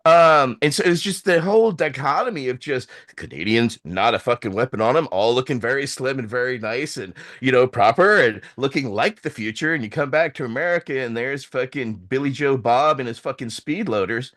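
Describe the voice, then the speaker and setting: Male host, casual storyteller, animated, middle pitch. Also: brisk, hardly any pauses. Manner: animated, swearing, acts out quoted voices.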